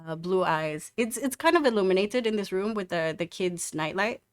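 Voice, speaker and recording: A woman's voice: medium pitch, animated, moderate pace. A woman narrating as game master of a tabletop game, casual and full of restarts.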